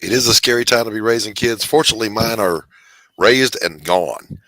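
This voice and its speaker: A man's voice: lowish voice, brisk, pushed and bright, dry recording, low-quality recording. A man in his sixties co-hosting a live stream, joking and reading viewer comments aloud. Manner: reads chat comments aloud, joking and rambling. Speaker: podcast co-host. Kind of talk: casual live-stream chat. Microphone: headphones and desk mic.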